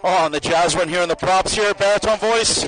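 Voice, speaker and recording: A man giving running spoken commentary as a marching band judge outdoors on the field, appraising the players with quick bursts of praise. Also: sits high, soft background music, rough recording. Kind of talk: live judging commentary over a performance. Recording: live brass band loud behind.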